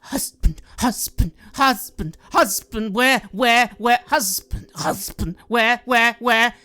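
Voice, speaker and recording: A woman doing a raspy, broken construct woman. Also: on the high side, takes it slowly, sharp tone, no room sound, pitched above the performer's own voice. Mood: desperate. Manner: repetitive, moaning.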